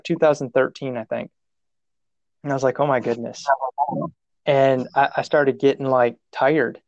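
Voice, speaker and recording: A man's voice: mid-range voice, darkish tone, dry recording. A man telling a personal story in casual conversation, rambling and self-mocking, restarting his sentences and laughing at himself.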